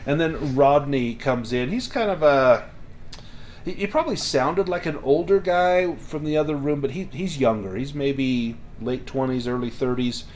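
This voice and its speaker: A man running a tabletop game as game master, narrating in a relaxed, descriptive way with some restarts. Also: medium pitch, normal speed, a little hiss or hum.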